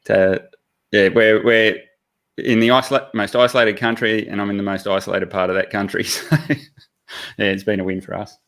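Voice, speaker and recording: An Australian man chatting as a guest on a live call, friendly and relaxed, with halting restarts. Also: on the low side. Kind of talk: casual chat.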